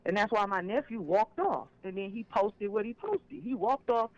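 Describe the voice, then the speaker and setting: A man with a notably high voice calls in over a dull, lo-fi phone line. He tells his story emphatically and with a clear sense of grievance, pressing each point home. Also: lively intonation, moderate pace, dry recording. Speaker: caller. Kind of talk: phone-in call on a live stream.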